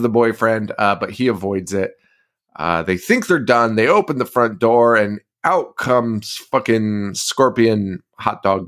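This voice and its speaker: Profane, laughing podcast man. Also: fairly low pitch. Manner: profane, laughing, recounts plot with put-on quotes. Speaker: podcast co-host. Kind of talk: casual movie recap chat.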